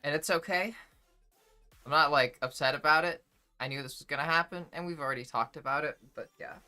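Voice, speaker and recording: Bright-voiced emotional young woman streamer. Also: sits low, fairly quick, soft background music. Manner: chatty, swears freely, reads chat aloud. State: emotional, on the verge of tears. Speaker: livestreamer. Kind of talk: casual chat with stream viewers.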